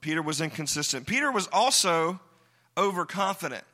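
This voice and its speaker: A man preaching a sermon to a congregation, animated and joking as he acts out quoted lines. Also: fairly high pitch, a little fast. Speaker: pastor.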